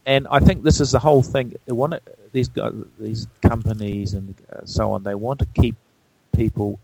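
A man with a gravelly, creaky voice talks as a guest in a relaxed conversation. He speaks haltingly and restarts his sentences often. The recording is dry, with no room echo. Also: medium pitch. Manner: halting, many restarts and fillers. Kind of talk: casual conversation.

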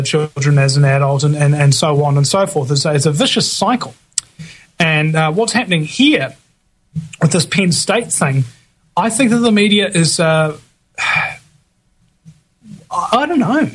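A man hosting a talk radio show, reading the news with blunt slangy asides and many fillers and restarts. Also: fairly high pitch.

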